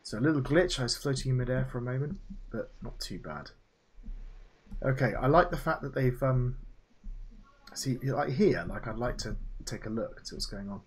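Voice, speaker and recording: A man's voice: mid-range voice, lively intonation, normal speed. A man playing through a student game, chatting about it and reading its lines aloud. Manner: chatty, muses aloud, reads game text aloud. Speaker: lecturer playing student games. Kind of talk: let's play with feedback commentary.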